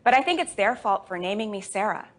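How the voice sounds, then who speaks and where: A woman born in Jamaica hosting a comedy show, delivering a deadpan stand-up monologue. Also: mid-range voice, fast talker. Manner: deadpan, dry delivery with put-on voices for family.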